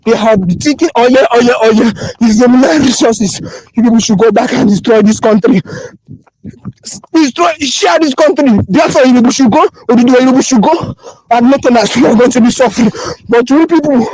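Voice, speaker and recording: A man's voice: very high-pitched, quick pace, darkish tone, husky, no room sound, poor audio. A man with a Nigerian accent recording an impassioned voice note on his phone, pleading and repeating himself with emotion. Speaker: voice-note sender.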